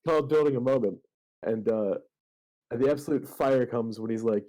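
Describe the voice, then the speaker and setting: A man speaking as a guest on a casual podcast, in a flat monotone with halting starts and many fillers. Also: medium pitch, low-quality recording.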